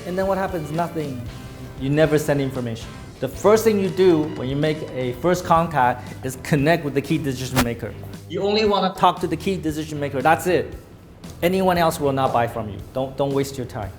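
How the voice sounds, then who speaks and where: Guy running a sales class, high-ish voice, punchy, acts out bossy calls. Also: expressive, fairly quick, faint music behind. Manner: emphatic, acts out phone calls in a commanding tone. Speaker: sales trainer. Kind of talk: lecture to a live class.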